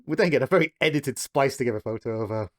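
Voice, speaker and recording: Fast-talking man recapping a plot. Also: mid-range voice, animated. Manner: brisk, chuckling between beats. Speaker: podcast co-host recapping the episode. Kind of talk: casual chat, plot recap.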